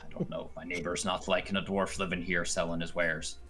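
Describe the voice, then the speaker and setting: A man voicing an old, half-blind dwarf baker who talks like a pirate, halting and gruff. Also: low voice, flat delivery, bright, forceful tone, faint music behind. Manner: pirate-style drawl, halting.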